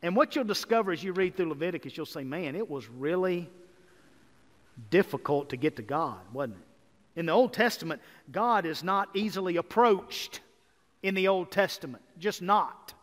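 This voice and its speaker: Man, pastor, sermon, high voice, energetic emphatic lists, reverberant church hall. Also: moderate pace. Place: church sanctuary.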